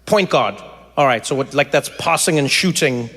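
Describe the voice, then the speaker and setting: A man in his forties performing a stand-up comedy set, bantering with the crowd and jumping into high, shouting voices for imagined people. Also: lively intonation, normal speed. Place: large theater stage. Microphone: handheld stage mic. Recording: live stage mic in a large reverberant venue with faint audience noise.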